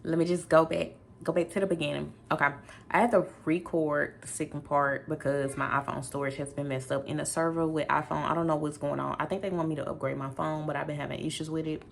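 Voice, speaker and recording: A woman's voice: low voice, quick pace, vocal fry, slight background noise. Chatty woman telling a storytime vlog. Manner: animated and chatty, with dramatic asides. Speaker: vlogger.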